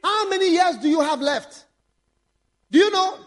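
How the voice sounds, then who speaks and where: High-voiced, animated bishop preaching. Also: male voice, moderate pace. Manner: animated, laughs and shouts for emphasis. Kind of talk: sermon.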